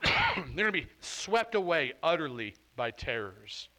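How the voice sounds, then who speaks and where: Lively, bright-voiced male pastor preaching. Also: a little high, unhurried, low-quality recording. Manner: conversational, animated, acts out quoted voices. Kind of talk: sermon.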